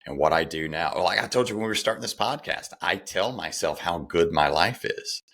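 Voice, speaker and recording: Very deep-voiced man telling his story. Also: lively intonation, fairly quick, vocal fry, a bit bright. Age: middle-aged. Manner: earnest, candid, retells dialogue with restarts. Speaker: podcast guest. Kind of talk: personal storytelling in an interview.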